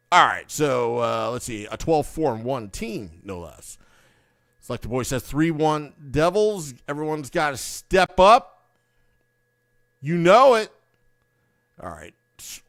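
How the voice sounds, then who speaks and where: A man's voice: fairly high pitch, smooth, no room sound, clean studio sound. A man hosting a live hockey podcast, upbeat and hyping positivity while reading viewer comments aloud. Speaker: podcast host.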